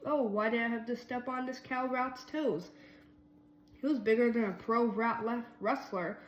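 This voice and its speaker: A woman reading a children's storybook aloud in a lively way, doing voices for the mouse characters. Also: on the high side, moderate pace, roomy sound, poor audio. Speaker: reader.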